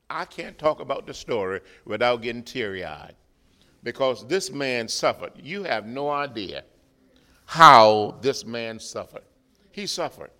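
A man in a church preaching a sermon, animated, rising to shouts and chuckling between points. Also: mid-range voice. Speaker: guest preacher.

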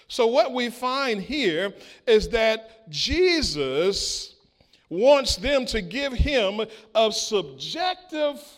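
Male preacher, high voice, slow and deliberate, reads scripture and calls for responses. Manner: slow, deliberate delivery with call-and-response prompts; acts out biblical speakers in quoted voices. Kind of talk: sermon with scripture reading.

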